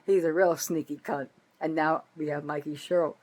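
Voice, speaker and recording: A woman's voice: moderate pace, rough recording. Angry older New woman ranting. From North Jersey, USA. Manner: bitter, profane, swings from loud outbursts to low muttering. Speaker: vlogger. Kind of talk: angry political rant to camera.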